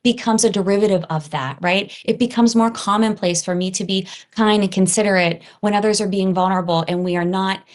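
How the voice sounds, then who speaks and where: A woman's voice: medium pitch, a little fast, hardly any pauses. A middle-aged woman hosting a solo podcast, talking earnestly and reflectively, often tagging her points with "right?" and "you know.". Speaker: podcast host.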